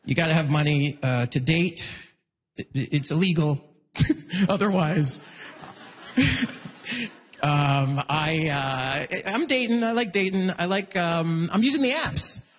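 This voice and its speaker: A man doing a stand-up comedy set, self-mocking and animated, jumping into loud acted-out bits. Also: takes it slowly, pauses often. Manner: animated, self-mocking, jumps into loud high act-outs. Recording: long reverb of a hall.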